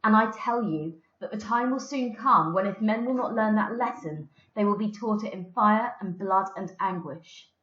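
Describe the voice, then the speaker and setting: A woman reading aloud as a calm, authoritative male police inspector delivering a solemn closing speech. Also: medium pitch, close to an everyday voice. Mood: solemn, commanding. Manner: firm, measured, commanding. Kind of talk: dramatic reading of a play. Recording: roomy, dull lo-fi recording.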